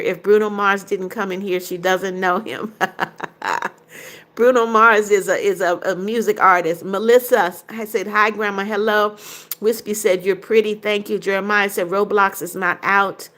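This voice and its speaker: A woman's voice: mid-range voice, fairly bright tone. An older woman hosting a livestream, reading viewers' chat comments aloud and answering each one briefly in a casual way.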